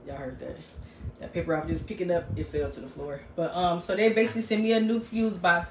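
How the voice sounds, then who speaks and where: A woman's voice: on the low side, steady tone, fast. A woman hosting a casual crafting live stream from a small home craft room, chatting directly with her viewers and reading their comments aloud. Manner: chatty, talks straight to viewers, reads out comments. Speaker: crafting livestream host. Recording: roomy, distant mic with faint background noise.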